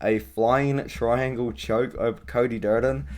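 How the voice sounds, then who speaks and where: A man's voice: medium pitch, steady tone, a little slow, darkish tone. A young man in a casual vlog giving fight predictions, chatty and rambling, with frequent ums and uhs. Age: young adult. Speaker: MMA vlogger.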